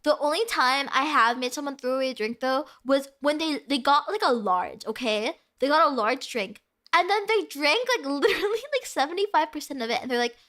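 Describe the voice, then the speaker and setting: A young woman with a high, sparkling voice chats casually on stream, answering her viewers. She talks in a breezy, giggly way, with "like" in nearly every phrase. Her tone is crisp and bright. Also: animated, fairly quick. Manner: chatty and giggly, peppers speech with "like". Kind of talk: casual chat reading viewer comments.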